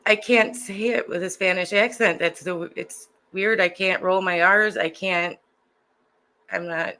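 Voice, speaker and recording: A woman's voice: lowish voice, steady tone, measured pace, sharp tone, rough recording. A woman with a Chicago accent co-hosting a livestream, chatting casually and hesitantly with many ums. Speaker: co-host. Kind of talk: casual chat.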